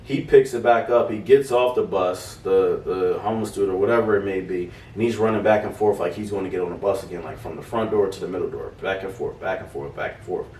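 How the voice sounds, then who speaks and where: Young male co-host, casual storyteller, swears a lot, a bit low-pitched, heard far off in a roomy space. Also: brisk, few pauses, a little hiss or hum. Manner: animated, swearing, acts out quoted voices. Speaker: podcast co-host. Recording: roomy, distant mic.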